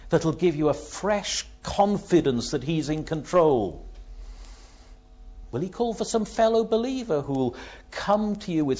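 A man's voice: a little high, darkish tone, husky. A man preaching a sermon, asking rhetorical questions and telling illustrative stories, in a dull lo-fi recording.

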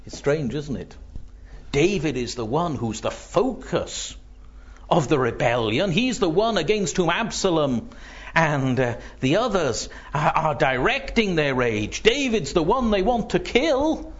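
A man preaching a sermon in a slow, earnest way, often dropping to a hushed voice as he quotes. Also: a little high, very animated, husky. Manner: slow, earnest, voice drops to near-whisper when quoting. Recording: dull lo-fi recording.

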